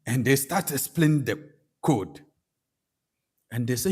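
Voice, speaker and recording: A man's voice: medium pitch, unhurried, pauses often, husky. A man with a Ghanaian English accent giving a personal testimony as a spiritual practitioner, telling his story animatedly and acting out what people said. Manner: animated storytelling, acts out quoted voices.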